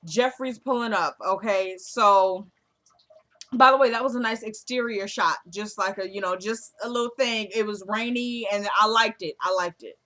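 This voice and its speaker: A woman talks through a TV episode in a loose, chatty way. She fills the gaps with "like" and "you know." Her pitch sits in an ordinary middle range. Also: moderate pace, sharp tone. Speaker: TV episode recapper. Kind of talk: casual chat recap.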